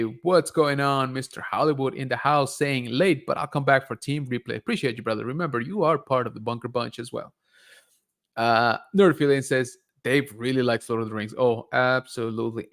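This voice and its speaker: Casual stream host, male, easygoing, reads chat and riffs on it, mid-range voice. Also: mid-range voice. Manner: relaxed and chatty, reads comments aloud and reacts with laughs. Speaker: livestream host reading viewer chat.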